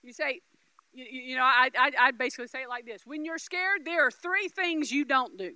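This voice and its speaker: A middle-aged woman preaching a Pentecostal sermon as a guest speaker, emphatic, repeating words and swinging between loud shouts and quiet asides. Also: sits high, a little fast, clear, resonant tone, no echo. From Oklahoma, US.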